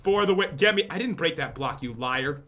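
Bright-voiced man joking through gameplay. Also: fairly high pitch, lively intonation, brisk. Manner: playful, teasing, jokey. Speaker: gaming channel host. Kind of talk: casual gameplay commentary.

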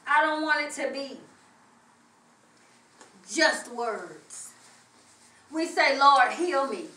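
A woman's voice: sits high, sharp tone. A middle-aged woman preaching a sermon with a fervent, repetitive cadence, heard in a church. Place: church sanctuary. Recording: echoey room from far off.

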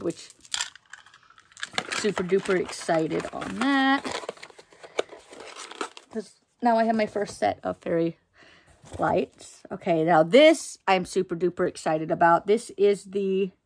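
A young woman chatting casually as she unboxes items for her book vlog, excitable and full of fillers. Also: medium pitch, vocal fry, slight background noise. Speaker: book vlogger.

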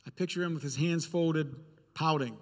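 A man's voice: fairly high pitch, normal speed, big-room sound. A male preacher giving a sermon in a church, speaking earnestly and repeating phrases for emphasis.

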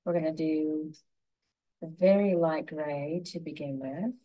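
A woman giving a gentle, unhurried painting tutorial, talking through each brushstroke as she works. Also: low-pitched, low-quality recording. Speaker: painting instructor.

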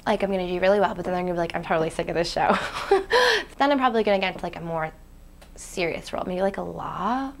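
A woman, playing a naive young aspiring actress who rambles with "like" fillers, swinging between hushed whispers and excited outbursts in a comedic web series monologue. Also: on the low side, fast, vocal fry. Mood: rambling. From Canada. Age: 20s. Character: ditzy, daydreaming young woman, dreamy and naive.

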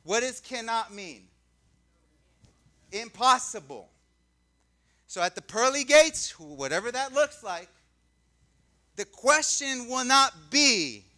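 A man's voice: very high voice, big pitch swings, takes it slowly, pauses often, pushed and bright. A male pastor preaching a conversational sermon, often asking the congregation questions and drawing out key words for emphasis.

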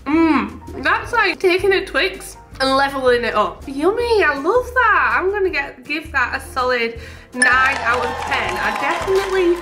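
A woman's voice: high voice, lively intonation, measured pace, music in the background. A young woman with a Teesside accent from northeast England, chatting casually about her shop while tasting sweets. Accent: Teesside English. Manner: bubbly, chatty, gushing. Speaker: shop owner and vlogger.

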